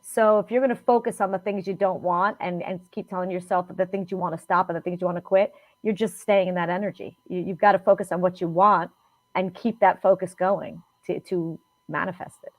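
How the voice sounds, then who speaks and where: A woman guest in a podcast interview, explaining her views in an earnest, steady way. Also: on the low side, a little fast, no room sound. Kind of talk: interview answers. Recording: tinny phone-line audio, dry.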